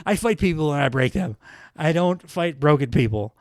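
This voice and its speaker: A man putting on a rough, overdone Russian-German accent to voice a tough male wrestler. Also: fairly high pitch, expressive, moderate pace, no room sound, studio quality. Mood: gruff. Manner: shaky, overdone foreign accent attempt.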